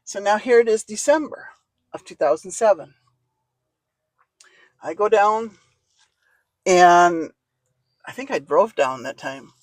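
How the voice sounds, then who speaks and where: A woman telling a personal story in a casual, lively way, acting out the dialogue and laughing often. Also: mid-range voice, slow pace, long pauses, dry recording.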